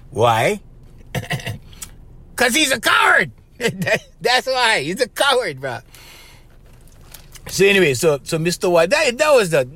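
Lively Hawaiian man spinning a yarn. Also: a little high, no room sound. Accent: Hawaiian Pidgin-tinged English. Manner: animated, chatty, keeps saying "bro" and "right?", laughs between lines. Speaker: podcast host. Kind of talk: casual storytelling monologue.

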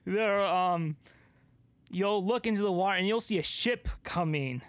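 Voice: medium pitch, unhurried, dry recording. A comedy podcast co-host riffing through an improvised bit, rambling and giggling as the story builds.

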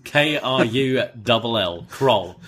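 Husky-voiced male podcast co-host. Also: mid-range voice, animated, takes it slowly, a bit bright. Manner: offhand opinions with dry jokes. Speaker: wrestling review podcast co-host. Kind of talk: casual chat.

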